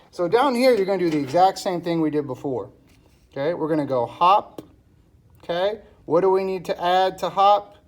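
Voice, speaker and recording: A man's voice: a little high, a little mellow. A man teaching a recorded reading lesson to young students, speaking patiently and checking in often. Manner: slow, patient, checks in with frequent "okay?". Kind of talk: recorded classroom lesson, reading a storybook aloud.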